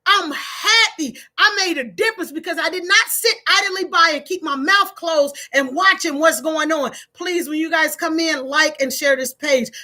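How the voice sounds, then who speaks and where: With a very high, pushed and bright voice, a middle-aged woman delivers a live-stream pep talk to her audience. She's an online talk host who sounds like a preacher, forceful and direct in Black American vernacular.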